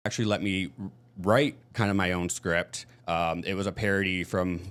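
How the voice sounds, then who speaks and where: A man's voice: low voice, steady tone, normal speed, a bit bright. A man from Michigan, telling stories candidly as a podcast guest. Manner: candid, chatty storytelling. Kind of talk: casual chat.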